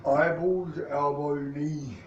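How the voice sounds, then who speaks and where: A man's voice: fairly high pitch, steady tone, takes it slowly, roomy sound, highs cut off, very noisy. A man chatting and joking playfully in a home kitchen, often giggling and repeating words, filmed on a phone. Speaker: dishwasher. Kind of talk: casual chat.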